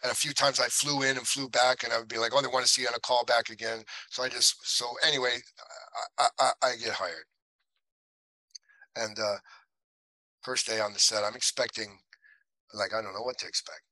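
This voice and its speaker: A man's voice: medium pitch, a little fast, long pauses, dry recording, rough recording. A man, an actor guest in a podcast interview, telling anecdotes casually and acting out the people he quotes. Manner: animated anecdotes, acts out quoted voices.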